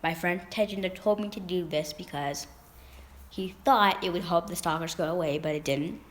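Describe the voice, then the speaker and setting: A woman's voice: fairly low pitch, moderate pace, slight background noise. A young woman vlogger rambling through a casual story, with lots of fillers and restarts.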